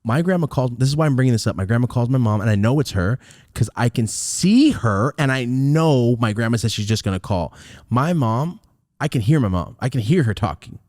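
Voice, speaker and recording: A young man hosting a podcast, telling a story in a casual, profane, animated way and acting out the scenes, on a close mic. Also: mid-range voice, fairly quick, dry recording. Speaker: podcast host.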